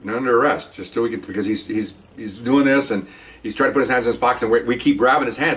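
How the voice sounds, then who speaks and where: A man's voice: medium pitch, fast talker, fairly bright tone, distant mic. An older man, a retired police officer, telling a story in a casual, rambling way and often checking in with "okay?". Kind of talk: casual spoken anecdote.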